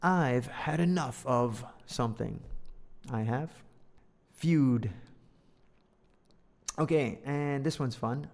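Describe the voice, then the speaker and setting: A man teaching an English lesson, reading a storybook aloud and joking around between explanations. He speaks slowly in a gravelly voice. A long hall reverb trails after his words. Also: medium pitch, darkish tone. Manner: playful, jokey asides.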